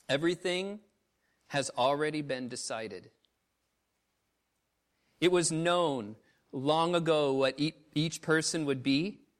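In his sermon, a male missionary pastor recounts stories with emotion, alternating between loud outbursts and low, hushed delivery.

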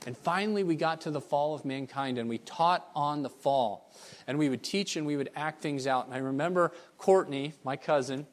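A man preaching a sermon as a missionary, telling stories in an animated, emphatic way. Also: a little high, normal speed. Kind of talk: storytelling sermon.

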